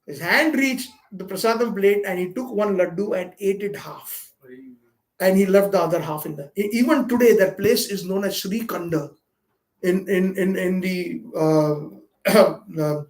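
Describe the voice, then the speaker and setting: A man's voice: high voice, reverberant. A man giving a sermon at a home program, telling a devotional story and acting out its dialogue, with fillers and repeated words. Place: home gathering room.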